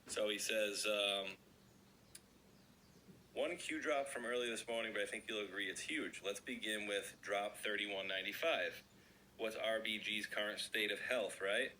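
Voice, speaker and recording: Chatty man with a bright, raspy voice. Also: lowish voice, a little hiss or hum, low-quality recording. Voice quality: slightly raspy. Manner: chatty, addresses viewers as guys. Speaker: online video host. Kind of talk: casual commentary, reading an article aloud.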